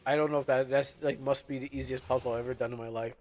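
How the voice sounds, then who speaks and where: This live gameplay commentary comes from a fast-talking man with a mid-range voice and fairly even intonation. He chats casually and rambles as his train of thought slips away.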